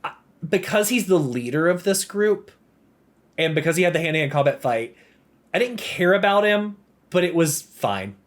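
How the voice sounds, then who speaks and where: A man's voice: high voice, animated, moderate pace. A man co-hosting a podcast, giving blunt, dismissive opinions in casual chat. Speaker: podcast co-host.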